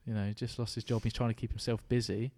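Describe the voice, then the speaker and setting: A man's voice: on the low side, little pitch movement, fast, darkish tone. Offhand young man. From England. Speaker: podcast co-host. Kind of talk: casual banter.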